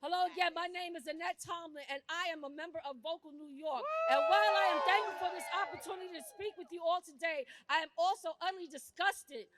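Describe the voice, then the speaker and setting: A woman speaking at a rally as an activist, indignant and forceful, rising to shouts, with a casual turn of phrase. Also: very high voice, quick pace, hardly any pauses, very noisy. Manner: casual speech with "y'all" and "I'ma". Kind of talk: impassioned rally speech.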